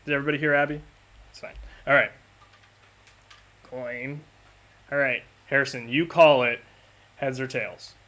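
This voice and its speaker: A man's voice: mid-range voice, fairly even intonation, normal speed, long pauses, fairly bright tone. A man hosting a live stream, chatting casually in an upbeat, slightly scattered way. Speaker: podcast and stream host.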